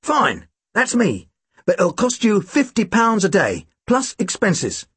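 A man voicing a hapless, overeager young man, the narrator's big brother, who talks in a squeaky, flustered way. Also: huge pitch swings, slow, a bit bright, husky, no room sound, full character voice. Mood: businesslike.

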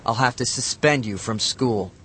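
A man's voice: mid-range voice, normal speed, fairly bright tone, a little hiss or hum, natural voice. A man doing a stern, strict teacher. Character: stern male schoolteacher, strict and booming.

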